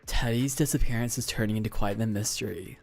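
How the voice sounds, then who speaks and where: A laid-back young game hero. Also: male voice, fairly low pitch, fairly even intonation, quick pace, a little mellow. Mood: casual. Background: game music.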